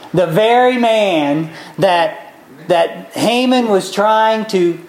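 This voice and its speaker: A woman preaching a sermon, retelling a Bible story in an animated way and acting out the characters with big swings in her voice. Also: fairly low pitch, reverberant.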